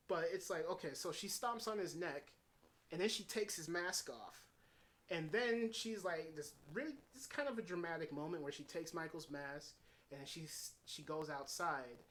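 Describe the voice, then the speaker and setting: A man giving a casual spoken film review, excitable and swearing freely as he runs through scene after scene. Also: high-pitched, moderate pace. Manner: excitable, swears freely, strings events with "and then". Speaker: movie reviewer.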